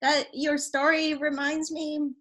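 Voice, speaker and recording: A woman's voice: high voice, little pitch movement, takes it slowly, fairly bright tone. A woman from Hong Kong hosting a podcast, telling a reflective personal story in casual conversation. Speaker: podcast host.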